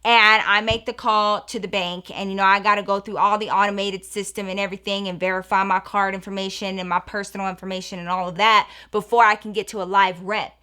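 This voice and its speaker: A young adult woman telling a story in a casual vlog, chatty and animated, talking straight to her viewers. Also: mid-range voice, brisk, hardly any pauses, clear, resonant tone. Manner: chatty, animated, addresses viewers as girl and y'all. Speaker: storytelling vlogger.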